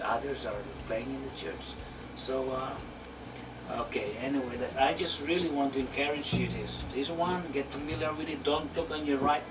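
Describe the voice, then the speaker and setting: Guy teaching bass in a small room, kinda far from the mic, loud guitar going behind him, scats the rhythms out. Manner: demonstrates rhythms by scatting syllables and counting; repeats words and restarts, talks loosely to the student. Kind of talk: casual hands-on music lesson.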